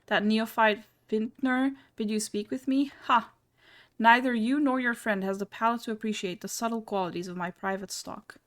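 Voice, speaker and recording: A woman's voice: on the high side, fairly even intonation, moderate pace, close to an everyday voice. A woman reading as a snobbish wine baron. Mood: disdainful. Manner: scornful, insulting.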